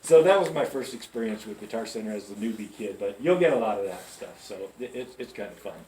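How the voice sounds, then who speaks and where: A man's voice: lowish voice, lively intonation, quick pace, mellow, a little hiss or hum. A man speaking to new staff in a large music store, telling chatty stories and checking in with his listeners. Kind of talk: storytelling pep talk to a group. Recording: echoey store, from far off.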